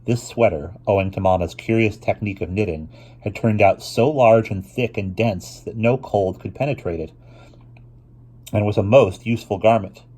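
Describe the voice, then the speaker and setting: A man reading a children's novel aloud, unhurried, with occasional restarts. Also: on the low side, dark tone, slightly rough. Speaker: reader.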